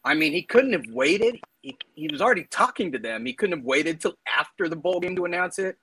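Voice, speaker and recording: A man's voice: on the high side, very animated, fairly quick, bright, forceful tone, breathy edge, no room sound, low-quality recording. A man talking casually about college football coaches, opinionated and laughing between points. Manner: talkative, laughs mid-sentence, opinionated. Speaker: sports podcast panelist. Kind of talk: casual sports talk.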